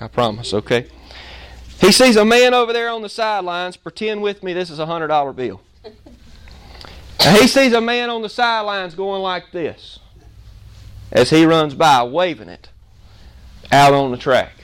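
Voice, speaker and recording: A man preaching a sermon, telling a folksy story and acting out its scenes with lively energy. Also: high-pitched, moderate pace, clean tone. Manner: animated, folksy, acts out the story.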